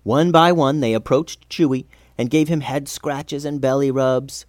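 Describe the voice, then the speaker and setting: A man narrating a children's adventure story in an expressive reading voice. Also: medium pitch, unhurried, dry recording, studio quality.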